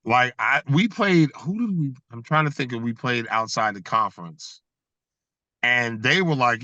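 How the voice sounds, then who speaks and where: A middle-aged former basketball player, a guest on a casual podcast, telling animated stories and laughing between them over a video call. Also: male voice, mid-range voice, measured pace, dry recording, highs cut off. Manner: animated storyteller who laughs between anecdotes.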